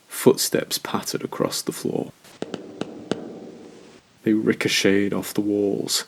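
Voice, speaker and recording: A man narrating a first-person horror story in a slow, measured, scripted way. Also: lowish voice, gravelly, slightly rough.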